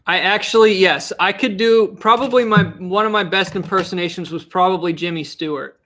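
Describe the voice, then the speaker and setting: Give me a young man casually chatting on a stream, with a high, sharp voice and a rambling manner. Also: normal speed. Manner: rambling, self-interrupting, giggly. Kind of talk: casual live stream chat.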